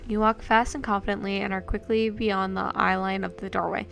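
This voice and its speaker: A woman's voice: mid-range voice, level tone, a little fast, creaky, a bit bright, faint music behind. A woman streamer narrating a gamebook in second person, reading aloud with small slips and self-corrections.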